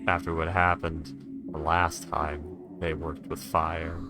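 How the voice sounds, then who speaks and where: A man's voice: very deep voice, little pitch movement, slow, music in the background. A man playing a tabletop game, chatty and joking as he speaks for his character. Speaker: player. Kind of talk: casual tabletop game chat.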